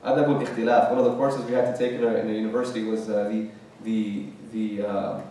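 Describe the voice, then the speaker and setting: A man's voice: fairly low pitch, little pitch movement, fast talker, warm tone, a little hiss or hum. A man teaching a conversational religious class in a mosque, often checking in with his listeners. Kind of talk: Quran commentary class. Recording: very echoey room, distant mic.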